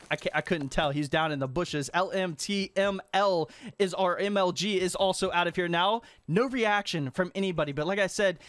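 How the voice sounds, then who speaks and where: High-voiced excitable young gaming commentator. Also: male voice. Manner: excitable, teasing, talks to other players. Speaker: gaming YouTuber. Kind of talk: live gameplay commentary.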